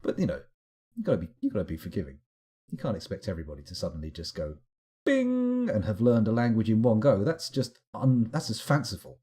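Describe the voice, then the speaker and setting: A man giving live, rambling let's-play commentary, animated and self-mocking as he chats and wanders off on tangents. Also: lowish voice, fast, breathy edge. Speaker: streamer playing a management game.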